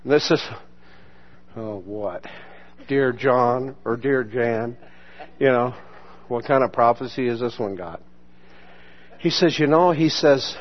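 A man's voice: medium pitch, slow pace, pauses often. A male pastor telling a personal testimony in a sermon, acting out the voices he quotes and laughing often. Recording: muffled lo-fi sermon recording.

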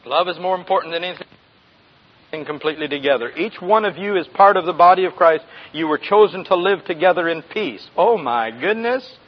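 A brisk, husky, fairly high-pitched man in his sixties preaches a folksy sermon as pastor. He frequently asks his congregation questions and chuckles; the recording is dull and lo-fi.

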